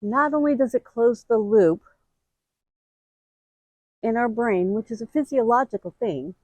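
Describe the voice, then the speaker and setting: Middle-aged woman, earnest and emotional grief-advice host, slow unhurried delivery, dry close sound. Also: no room sound, low-quality recording. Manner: earnest, emotional, expressive, with sudden high bursts. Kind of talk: heartfelt talking-to-camera advice.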